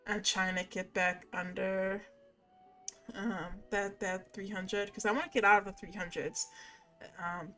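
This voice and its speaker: A woman's voice: mid-range voice, a bit bright. Rambling woman streamer, faint music. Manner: rambling, many fillers and restarts. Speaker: streamer host. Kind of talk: casual live-stream chat.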